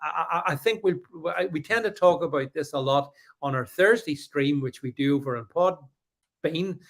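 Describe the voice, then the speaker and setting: A man co-hosting a podcast, chatting casually about politics and reading out live comments, with many restarts. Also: fairly high pitch. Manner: halting, many restarts, animated. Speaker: podcast co-host.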